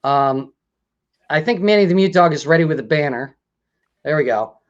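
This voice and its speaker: A man with a fairly high voice hosts a casual talk show, rambling along and often breaking into laughs. The sound is a little dull and lo-fi. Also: animated, normal speed.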